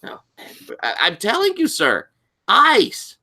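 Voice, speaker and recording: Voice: mid-range voice, wildly swooping pitch, slow pace, sharp tone, pitched above the performer's own voice, exaggerated voice. A game master voicing a wide-eyed teenage male student with a put-on accent, telling a strange tale. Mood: insistent.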